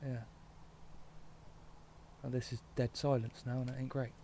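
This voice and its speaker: A man as podcast co-host, chatting casually and teasing his partner with quick laughs. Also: medium pitch, level tone, background noise. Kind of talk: casual chat.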